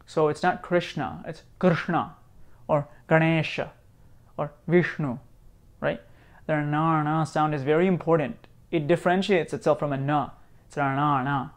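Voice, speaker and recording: A man from India teaching Sanskrit sounds, repeating each sound slowly and patiently. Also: on the high side, steady tone. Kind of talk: slow teaching, pronouncing sounds aloud.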